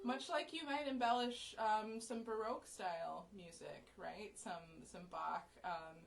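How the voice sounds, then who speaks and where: A woman from the USA giving a relaxed, explanatory fiddle lesson, often checking in with "right?", with violin playing between phrases. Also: mid-range voice, a little slow, gravelly, loud music behind the voice. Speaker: violin teacher. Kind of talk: casual music lesson with fiddle demonstrations.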